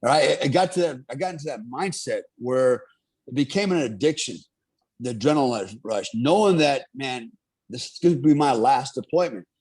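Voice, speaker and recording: A man's voice: medium pitch, animated, normal speed, a little mellow, breathy edge. Rambling middle-aged veteran man. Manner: rambling, many fillers, earnest. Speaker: military veteran guest. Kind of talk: casual interview storytelling.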